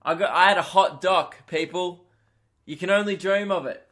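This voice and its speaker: A young man tells a crude, self-mocking story on his comedy podcast. He delivers it in an animated stand-up style. His voice sits a little high. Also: normal speed.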